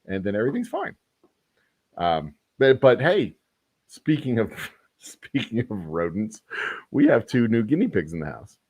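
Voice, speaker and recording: A man's voice: fairly low pitch, sing-song, measured pace, a little mellow, breathy edge, no echo. A man hosting a podcast in casual chat, rambling and joking, often correcting himself mid-sentence. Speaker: podcast host and whiskey maker.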